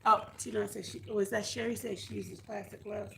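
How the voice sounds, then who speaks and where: A woman's voice: medium pitch, fairly even intonation, fairly quick, vocal fry, sharp tone, a little hiss or hum. A woman chatting casually on a homesteading livestream, reading comments and thinking aloud in a chatty, self-deprecating way. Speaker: homesteading vlogger.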